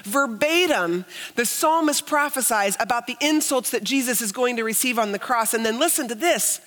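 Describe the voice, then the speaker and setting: A woman pastor preaching a sermon earnestly, moving from hushed stretches to emphatic, raised passages. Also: on the high side, animated, normal speed. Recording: long reverb of a large hall.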